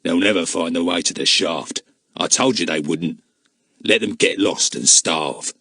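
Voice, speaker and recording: A man voicing a sour, gruff villain with a low growling manner. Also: unhurried, pushed and bright, no echo, studio quality, exaggerated voice.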